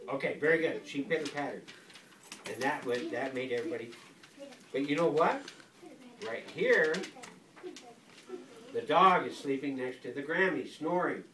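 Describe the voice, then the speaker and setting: An older grandfather reading a picture book aloud to a school class in a playful, animated way, stopping often to quiz the children. He is recorded from across an echoey classroom full of kids. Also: medium pitch, normal speed, pauses often, far from the mic. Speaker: guest reader, grandfather.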